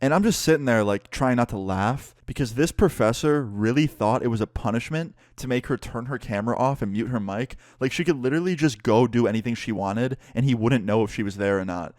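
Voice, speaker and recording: A man's voice: medium pitch, brisk, few pauses, a little mellow, no room sound, studio quality. A young man casually telling a story-time vlog, laid-back and rambling with many fillers. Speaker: YouTuber.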